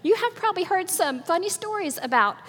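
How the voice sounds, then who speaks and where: A woman's voice: extremely high pitch, lively intonation, fairly quick, fairly bright tone. An older woman giving an earnest, sermon-style talk with slides, telling stories with a laugh, in a hall with long reverb. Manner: earnest, preachy storytelling with laughs.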